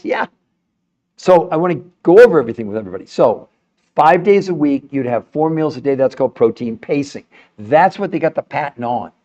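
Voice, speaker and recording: Older male stream host, emphatic and salesy, somewhat high-pitched, muffled lo-fi audio. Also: a little mellow. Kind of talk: live-stream talk to a chat audience.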